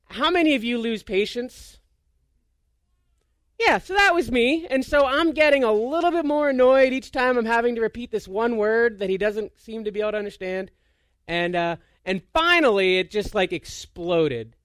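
A man with a fairly high voice delivers a relaxed, conversational sermon. He is an animated, self-deprecating storyteller who often stumbles and restarts mid-sentence. The sound is dry and close, with hardly any room echo. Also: moderate pace. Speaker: pastor.

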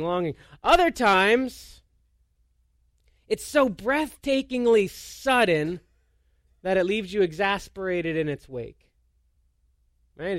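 High-voiced pastor preaching a casual sermon. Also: male voice, no room sound, studio quality. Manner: storytelling with frequent restarts; self-deprecating and animated. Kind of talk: conversational sermon.

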